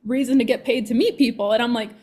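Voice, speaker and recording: A woman who works as a manifestation coach, telling an animated story in casual podcast chat and acting out her own thoughts. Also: fairly high pitch, quick pace, slightly rough.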